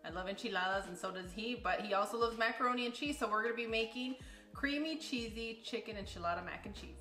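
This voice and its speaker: A woman with a Texan accent hosting a home cooking tutorial in her kitchen, explaining each step in a chatty, easygoing way with soft laughs. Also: fairly high pitch, fast talker, soft background music. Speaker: cooking channel host and mother.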